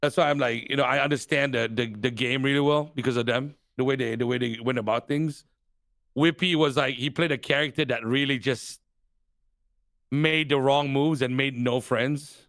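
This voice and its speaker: A man's voice: medium pitch, fairly even intonation, moderate pace, a bit bright, dry recording, clean studio sound. A man talking as a podcast guest in casual chat, swearing freely and laughing often.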